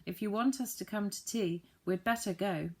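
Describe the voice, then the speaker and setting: A woman voices an eager, bold young boy from a children's story. He speaks briskly, a touch higher than her own low voice, and always keen to rush ahead. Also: lightly acted.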